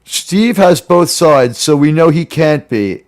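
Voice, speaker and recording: A man with a fairly high voice trades jokes in a loose, rambling chat, breaking into laughter often. He keeps dropping into quick goofy impressions before going back to his plain voice. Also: expressive. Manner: joking, laughs often, slips into silly put-on voices. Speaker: host. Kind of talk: casual chat.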